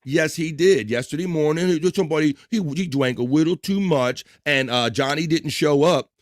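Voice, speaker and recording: A man's voice: on the high side, no echo, clean studio sound. A man hosting a livestream, reading out and teasing chat comments in a hyped, joking way. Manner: hyped, teasing, quick shout-outs. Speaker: livestream host.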